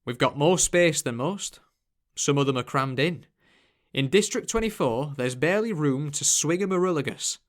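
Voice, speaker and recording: A man's voice: a little high, lively intonation, normal speed, lightly acted. A man voicing a kindly older male angel boatman with a Yorkshire accent, chatty and folksy.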